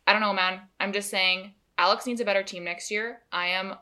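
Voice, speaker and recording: A young woman from Canada co-hosts a casual podcast chat. Her voice is bright and forceful, and she delivers strong opinions with plenty of laughter. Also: medium pitch, brisk. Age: young adult. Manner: animated, opinionated, laughs often. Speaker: podcast co-host.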